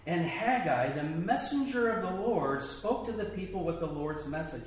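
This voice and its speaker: Teaching a small Bible study group, a man keeps things conversational and puts questions to the class. He speaks at normal speed in a high, expressive voice, heard from a distance in an echoey room with some background noise.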